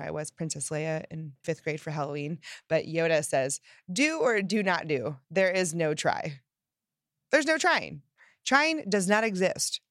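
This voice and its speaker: A woman's voice: medium pitch, no room sound. A young woman speaks as a motivational host, upbeat and emphatic. She is heard up close in a dry, dead room. She punches her key phrases and slips into playful quoted inner voices. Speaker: self-help podcast host. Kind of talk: motivational talk to listeners.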